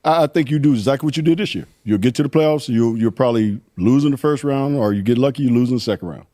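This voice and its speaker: A man's voice: medium pitch, fast, dark tone, no room sound, clean studio sound. A man on a sports debate panel, laying out his view in a matter-of-fact way. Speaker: sports analyst.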